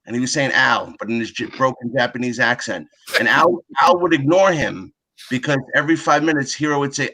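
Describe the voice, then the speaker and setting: A man with a bright, forceful voice recounts a road-trip story on a video call. He tells it in a dry, deadpan way and keeps going steadily. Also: mid-range voice, a little fast. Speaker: guest. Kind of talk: casual chat.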